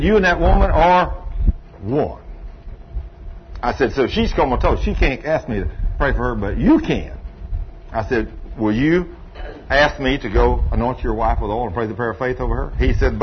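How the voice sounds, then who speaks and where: Folksy preacher man, lo-fi. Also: mid-range voice. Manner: folksy storytelling preacher, acts out dialogue. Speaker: pastor. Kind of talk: sermon. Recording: dull lo-fi recording with faint hiss.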